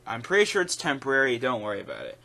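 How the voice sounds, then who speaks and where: Bright-voiced man giving rambling opinions. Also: medium pitch, big pitch swings, racing, vocal fry. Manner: rambling, opinionated, with frequent fillers. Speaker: YouTube commentator. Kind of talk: casual opinion commentary.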